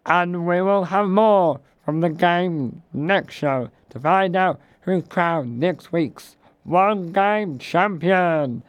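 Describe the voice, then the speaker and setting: A man's voice: high-pitched, slow, smooth, no echo. A man hosting a comic mock radio show, rambling and self-deprecating between links.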